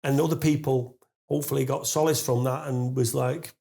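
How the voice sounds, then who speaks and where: An English podcast guest in his 40s tells a long anecdote in an interview, speaking briskly with vocal fry, many fillers and restarts, and casual swearing. As he reaches the punchline, he gets louder and higher, laughing in loud disbelief.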